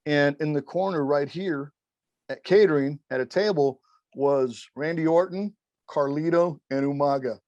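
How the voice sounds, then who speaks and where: A middle-aged man, a former wrestling referee, telling stories as an interview guest in an animated, rambling way, swearing constantly and acting out quotes. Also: fairly high pitch, moderate pace, dry recording, lo-fi sound. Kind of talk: profane, rambling storytelling.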